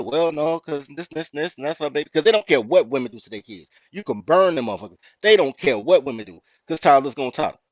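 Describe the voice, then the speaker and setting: A man with a Chicago accent, hosting a podcast and telling a story in a blunt, profane, animated rant. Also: fairly high pitch, fast, hardly any pauses, no echo. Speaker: podcast host. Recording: dry, muffled lo-fi audio.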